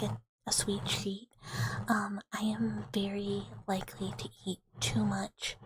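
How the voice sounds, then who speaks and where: A woman streamer in soft, giggly, rambling whispered casual chat with a breathy voice. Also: medium pitch, background noise.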